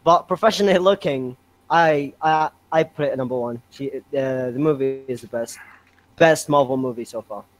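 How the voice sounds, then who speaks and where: A man chatting as a podcast guest, excitable and rambling, laughing loudly. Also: mid-range voice, moderate pace, no room sound, rough recording. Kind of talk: casual podcast chat.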